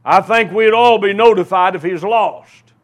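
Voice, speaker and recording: A man preaching a sermon as pastor, swinging from loud emphatic calls to quiet storytelling. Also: high-pitched, a little slow.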